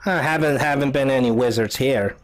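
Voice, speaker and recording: A man voicing a cranky, arthritic old woman who lives alone in the woods, talking slowly in a grumbling, suspicious way. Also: medium pitch, natural voice. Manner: slow, grumbling and querulous.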